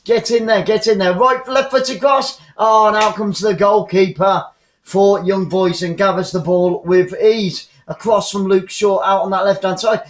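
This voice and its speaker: A man's voice: high-pitched, fairly even intonation, normal speed. A man giving chatty live football fan commentary, reading out viewer comments as play goes on. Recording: roomy, dull lo-fi sound.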